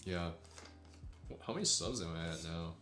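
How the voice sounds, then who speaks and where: A man's voice: low-pitched, moderate pace, pushed and bright, echoey room, faint music behind. A young man chatting casually with his livestream viewers, rambling and laughing often. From United States. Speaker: streamer.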